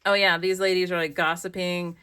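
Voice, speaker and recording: Chatty woman with a lowish voice. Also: level tone, a little fast, pushed and bright, clean tone. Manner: chatty and rambling, gushing over her pages. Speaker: craft vlogger. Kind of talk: casual flip-through commentary. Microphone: desk camera.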